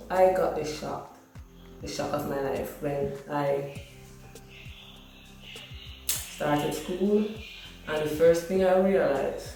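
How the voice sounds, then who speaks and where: A woman's voice: sits low, mellow, recorded from a distance. A Jamaican woman in her thirties speaks straight to her viewers, earnest and emotional as she recounts her childhood. Her voice rings around a hard, very echoey room and sits a little back from the microphone. Faint music plays underneath. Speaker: vlogger. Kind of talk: personal storytelling to camera. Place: small hot library room at home, indoors.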